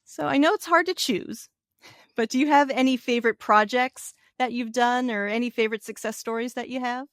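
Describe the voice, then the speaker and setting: A woman's voice: on the high side, a little fast, no room sound, clean studio sound. A woman co-hosting an interview as a casting director, encouraging and affirming toward her guest. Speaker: casting director, podcast co-host. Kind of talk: casual interview chat.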